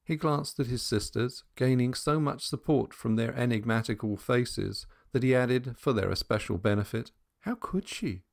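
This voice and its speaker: A man reading an audiobook in a measured storytelling manner. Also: mid-range voice, steady tone, vocal fry. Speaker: audiobook narrator. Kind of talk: scripted narration.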